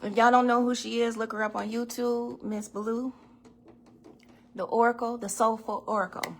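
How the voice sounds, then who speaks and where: A woman's voice: a little high, flat delivery, normal speed, slight background noise. A woman talking casually on a kitchen livestream as host, telling stories with laughs and the odd swear word. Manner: chatty storyteller, laughs and swears freely. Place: home kitchen. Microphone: phone or webcam in a home kitchen.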